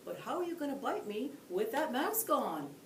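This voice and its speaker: A woman voicing an easygoing, smelly male moose who talks in a calm, drawling, gently teasing way in a read-aloud storybook. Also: sits high, moderate pace, pitched above the performer's own voice. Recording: echoey room, distant mic, faint hiss.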